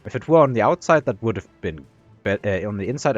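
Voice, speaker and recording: A man's voice: lowish voice, lively intonation, fairly quick, lo-fi sound, faint music behind. A man giving rambling, self-deprecating commentary on his own strategy game match, full of fillers and restarts, talking with his mouth full. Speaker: gaming commentator. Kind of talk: casual gameplay commentary.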